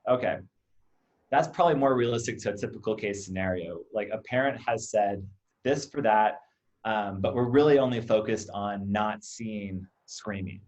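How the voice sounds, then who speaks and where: A man's voice: on the low side, moderate pace. Man explaining with acted-out examples. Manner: explains with lively acted-out examples and repeated "right?". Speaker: behavior analyst, clinic co-owner. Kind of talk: casual interview talk.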